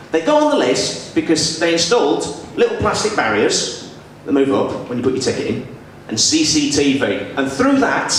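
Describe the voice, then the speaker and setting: A young man in his twenties with a generic northern English accent doing a lively, self-deprecating stand-up set on a small club stage. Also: fairly high pitch. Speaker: stand-up comedian. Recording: far-off echoey club recording with audience. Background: audience laughter and room noise.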